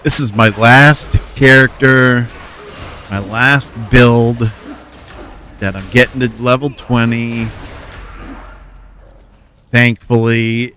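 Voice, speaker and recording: A man's voice: mid-range voice, steady tone, takes it slowly, long pauses, a bit bright, slight background noise. A man from the Midwest, chatting playfully while streaming a game and joking with his viewers. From Cincinnati, US Midwest. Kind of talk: casual gaming commentary.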